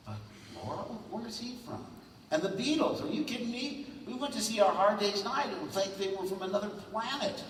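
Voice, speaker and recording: A man in his sixties, a guest on a fan convention panel, tells stories in a high-sitting voice, animated and breaking into quick character voices. He's heard from a distance in a large, roomy convention hall with background noise.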